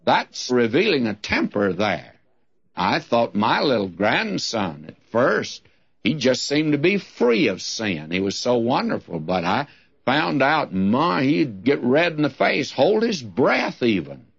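In a dull, lo-fi recording of a sermon, an older man works through Bible verses, reading each one aloud and then explaining it plainly at a slow, deliberate pace. His medium-pitched voice is gravelly, slightly rough and very animated.

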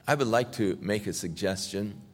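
A male pastor preaching a sermon in a slow, emphatic style that swells loudly on scripture. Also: lowish voice, big-room sound.

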